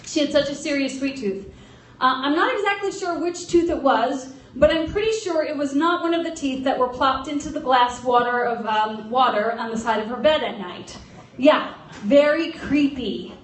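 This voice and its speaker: A woman's voice: high voice, moderate pace. A middle-aged woman telling a funny story to a live audience in a chatty, joking way. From grew up in an Irish Catholic family. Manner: comic, chatty, laughs between lines. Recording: roomy hall sound from a distance.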